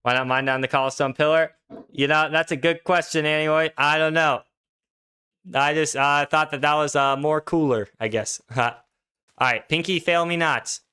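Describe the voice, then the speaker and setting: A young guy livestreams a game, answering his chat in relaxed, slang-heavy talk. He speaks at a normal speed in a slightly high, smooth voice that sounds pushed and bright while staying steady.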